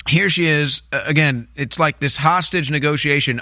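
Indignant talk radio host, high bright voice. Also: male voice, normal speed, few pauses, no room sound, clean studio sound. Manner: indignant, mocking, repetitive.

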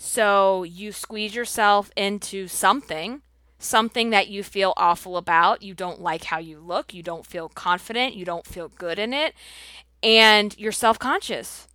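A woman's voice: mid-range voice, a little slow, sharp tone, no room sound. A woman hosting her own show, talking casually and emphatically to her audience, peppering her speech with "like" and "you know.". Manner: chatty, full of "like" and "you know", personal and emphatic. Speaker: host speaking to her audience. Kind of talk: casual direct-to-camera monologue.

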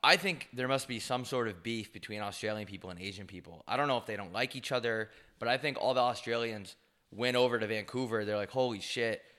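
A young man trades crude jokes and rambling stories with his co-host, his voice bright and forceful. He talks in loose, animated casual chat. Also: medium pitch. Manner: crude, joking, animated storytelling. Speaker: podcast co-host.

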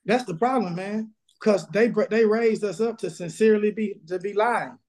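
Man, Southern pastor, high-pitched, emphatic and blunt, remote interview. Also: moderate pace, darkish tone. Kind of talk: casual interview, preaching energy. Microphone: video call.

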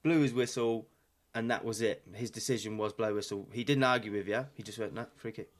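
A man co-hosting a casual podcast chat, telling animated stories, acting out quoted voices and swearing freely. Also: on the low side, brisk. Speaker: podcast co-host.

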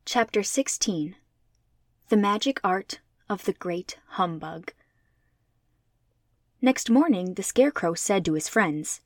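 A woman podcast host reading a classic children's book aloud in an even narrating manner. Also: lowish voice, takes it slowly, long pauses, no echo, studio quality. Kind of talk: storybook read-aloud.

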